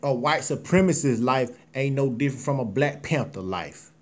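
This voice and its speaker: A man's voice: mid-range voice, lively intonation, moderate pace. A man hosting his show, delivering an emotional, impassioned monologue in a preachy, repetitive way. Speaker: host.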